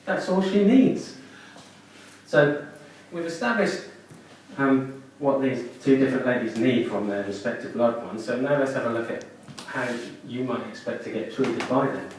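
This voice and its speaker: A man doing a stand-up comedy set at a small comedy club, with animated storytelling and deadpan asides. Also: mid-range voice, moderate pace, slight background noise. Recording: echoey club room, distant mic.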